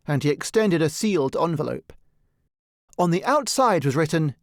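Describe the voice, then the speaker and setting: A man reading a classic short story aloud as audiobook narrator, in a measured storytelling manner. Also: a little high, no echo, clean studio sound.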